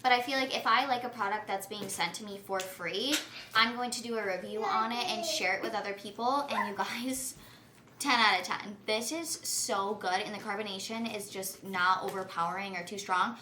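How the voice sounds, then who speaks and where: A young lifestyle vlogger chats casually to the camera while cooking in her kitchen at home, saying "like" constantly. Her mid-range voice is bright and forceful at a moderate pace, in a reverberant room with a little hiss or hum.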